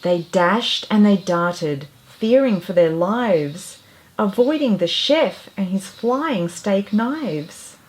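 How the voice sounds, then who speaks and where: A woman reading a rhyming picture book aloud, gentle and expressive. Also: medium pitch, slow, a little hiss or hum. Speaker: storyteller.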